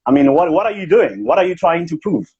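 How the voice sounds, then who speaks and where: Guy doing a bossy south african business speaker bit, kinda husky, higher voice, lo-fi live stream. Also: big pitch swings, quick pace, dark tone, exaggerated voice. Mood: scolding. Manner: boastful, scolding, self-important. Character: pompous self-important male business speaker. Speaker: impersonator. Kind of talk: comedic impression. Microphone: phone on a live video call. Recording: lo-fi livestream audio.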